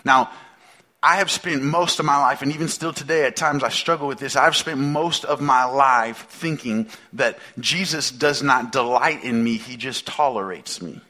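A man's voice: medium pitch, normal speed, pushed and bright. A male pastor preaching a sermon in a conversational way, asking the listeners many questions and repeating phrases for emphasis.

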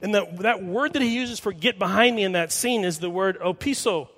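High-voiced preacher in a reverberant hall. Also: male voice, brisk. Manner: animated storytelling, rhetorical questions. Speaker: pastor. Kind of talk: sermon.

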